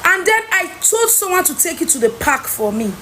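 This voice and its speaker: A high-pitched Nigerian woman tells her story with mounting exasperation, switching into Pidgin voices to mimic the people she dealt with. A faint ambient hiss sits under her voice. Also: sing-song, fairly quick, sharp tone. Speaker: trader telling of lost goods. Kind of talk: animated personal storytelling.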